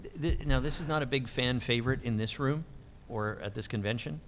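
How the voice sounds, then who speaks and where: Animated middle-aged male voice actor. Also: a little fast, long reverb tail, slight background noise. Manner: animated, lively pitch swings, acts out quotes. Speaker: voice actor guest. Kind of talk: convention interview storytelling.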